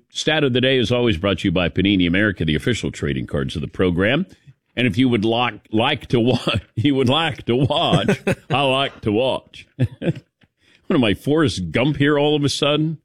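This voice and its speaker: A middle-aged man hosts a morning sports radio show, chatting casually in a lively way and jokingly calling on his crew by name. His voice is medium-pitched at normal speed, recorded dry and clean on a studio microphone.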